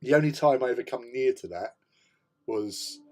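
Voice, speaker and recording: A man's voice: mid-range voice, moderate pace. A middle-aged British man hosting a hobby chat, telling a rambling story, laughing often and swearing casually. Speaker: hobby channel host.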